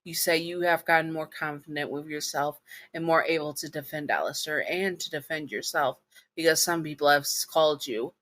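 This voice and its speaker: Brief: woman with a Southern accent narrating fan fiction in second person, halting, casual. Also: sits low, a bit bright. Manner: halting, with restarts and fillers. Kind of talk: second-person story reading.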